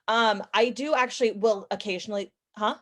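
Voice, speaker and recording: A young adult woman chatting as a podcast guest, opinionated and talkative, with quick asides and self-corrections. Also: mid-range voice. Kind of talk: casual interview chat.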